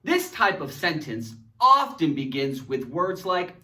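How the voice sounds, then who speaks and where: A man hosting an animated grammar lesson, talking in a theatrical, jokey way and acting out silly example sentences. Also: a little high, unhurried, hardly any pauses, recorded from a distance. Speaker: grammar teacher. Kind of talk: animated educational video lesson.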